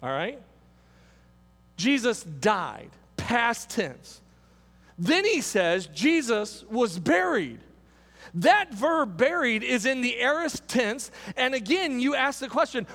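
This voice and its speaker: A man's voice: very high-pitched, a bit bright, in a large hall. A man preaching a sermon as a pastor, emphatic and repetitive, building his points with rising intensity.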